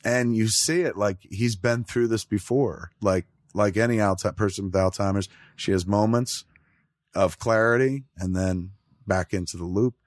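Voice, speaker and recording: A middle-aged man hosting a casual chat, talking in an animated, profane way and acting out lines in quoted voices. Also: fairly low pitch, measured pace, dry recording, clean studio sound. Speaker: podcast host.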